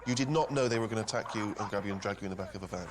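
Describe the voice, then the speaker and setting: A man's voice: on the low side, racing, crowd noise. A male host asking a guest articulate questions in a casual studio chat.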